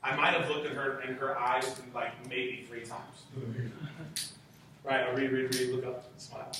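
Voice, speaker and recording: A man's voice: level tone, measured pace. Enthusiastic young man in an echoey room. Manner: enthusiastic, high-energy storytelling. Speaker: sales trainer. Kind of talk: motivational talk to a room. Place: meeting room. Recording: echoey room from far off, faint noise.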